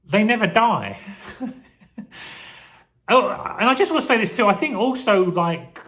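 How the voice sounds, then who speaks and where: A man's voice: sits high, very animated, unhurried, sharp tone. A man in his forties reflecting on his childhood in a rambling, heartfelt vlog, getting emotional as he talks. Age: 40s. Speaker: vlogger. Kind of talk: casual personal reflection to camera.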